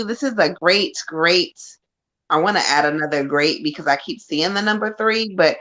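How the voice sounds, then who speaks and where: A woman's voice: on the low side, moderate pace, fairly bright tone. A woman co-host medium giving a live-streamed reading, exclaiming and repeating words as messages come in.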